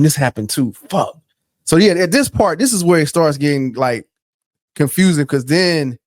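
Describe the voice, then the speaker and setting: A man's voice: medium pitch, a little mellow, no echo. A man with a mid-range voice, recapping a film plot in a loose, rambling way with slang and swearing. The sound is dry and close. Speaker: podcast co-host. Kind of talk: casual movie recap chat.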